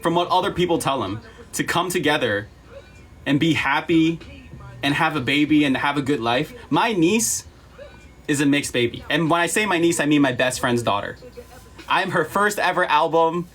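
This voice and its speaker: A man's voice: fairly high pitch, animated, moderate pace, fairly bright tone. A man talking earnestly on a livestream, emphatic and apologetic, repeating himself and close to tears.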